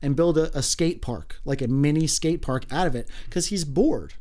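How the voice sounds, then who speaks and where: A middle-aged man, a gym teacher, talking in a casual podcast chat, upbeat and emphatic, often rising high when excited. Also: moderate pace.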